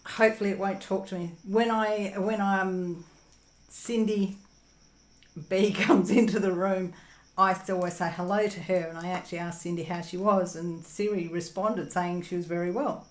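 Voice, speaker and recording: A woman's voice: lowish voice, fairly even intonation, normal speed, roomy sound. A young Australian woman casually chatting through viewer comments while crafting at home, rambling with lots of ums and laughs. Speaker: crafting channel host. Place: home room while diamond painting.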